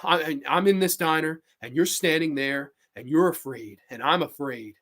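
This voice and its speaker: A man hosting a podcast, chatting casually and excitably about films, swearing freely and acting out scenes. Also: fairly high pitch, moderate pace. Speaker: podcast host. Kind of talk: casual film chat.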